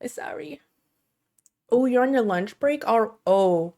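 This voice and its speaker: A woman's voice: fairly high pitch, animated, a little slow, gravelly, mellow. An American woman chatting casually on a live stream, bubbly and self-deprecating, laughing often. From United States.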